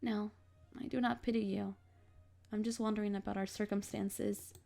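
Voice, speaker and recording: Visual novel read: woman voicing a tired, earnest young heroine, soft-spoken, slight fry. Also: mid-range voice, level tone, normal speed, soft background music, natural voice.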